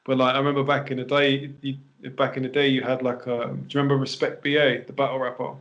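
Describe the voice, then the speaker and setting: A man's voice: medium pitch, little pitch movement, fast, fairly bright tone, lo-fi sound. A man from England with a Bournemouth accent, a rapper guest chatting loosely and swearing a lot on a podcast. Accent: Bournemouth English. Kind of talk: casual podcast chat.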